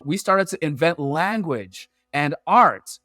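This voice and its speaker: A man, a podcast guest who explains his points through lively analogies and metaphors. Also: a little high, slow pace, dry recording, clean studio sound. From Nigeria. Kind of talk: animated storytelling in an interview.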